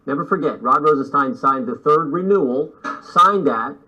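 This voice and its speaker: A man's voice: fairly high pitch, expressive, moderate pace, bright, forceful tone. A man, a congressman, giving an insistent interview statement and repeating his key phrases for weight. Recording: dull lo-fi clip.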